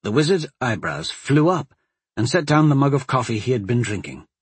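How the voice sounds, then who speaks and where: A man reading a fantasy audiobook as narrator, in an expressive storytelling manner. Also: mid-range voice, normal speed, slightly rough, dry recording. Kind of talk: scripted narration.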